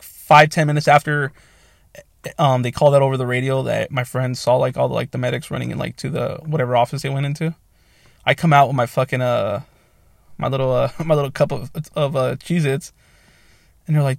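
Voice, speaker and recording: Young man, gravelly voice, casual profane storytelling, dry close sound. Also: medium pitch, no echo. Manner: profane, rambling, quoting others. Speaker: military veteran telling a story.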